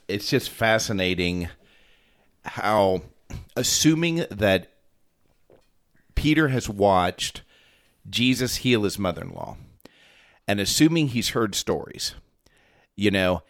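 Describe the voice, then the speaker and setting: A man co-hosting a podcast, reading a Bible passage in a calm, even manner and then chatting about it. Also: fairly low pitch, takes it slowly, pauses often. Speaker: podcast co-host and reader. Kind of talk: casual chat and scripture reading.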